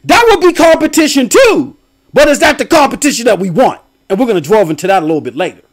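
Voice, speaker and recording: Brief: middle-aged male stream host, high and very lively voice, animated, slangy, laughs often. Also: quick pace. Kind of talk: casual livestream commentary.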